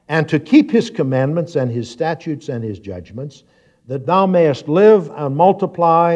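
Emphatic male preacher, lo-fi recording. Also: fairly high pitch. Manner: builds from quiet, reflective talk to loud, emphatic reading and questioning. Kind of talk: sermon. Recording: dull lo-fi sound.

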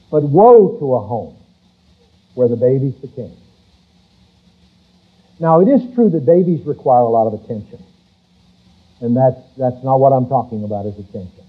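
A man preaching a sermon, reading scripture slowly and rising loud on key words. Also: mid-range voice, breathy edge. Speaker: pastor. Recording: tinny phone-like church recording.

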